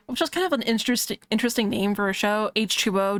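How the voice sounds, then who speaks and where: A woman's voice: medium pitch, fast talker, hardly any pauses, fairly bright tone, dry recording. A woman streamer chatting casually while she draws, rambling with lots of "like" fillers. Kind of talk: casual chat while drawing on a live stream.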